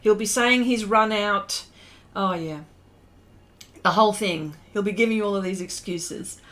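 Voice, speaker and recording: A woman's voice: mid-range voice, a little slow, a bit bright. A middle-aged Australian woman hosting an art livestream, chatting casually and laughing often while reading out viewer comments.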